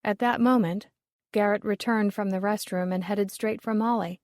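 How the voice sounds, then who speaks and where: Here a woman narrates a mystery audiobook from a script, keeping her delivery calm and even. She speaks at a medium pitch, recorded at studio quality without any room sound.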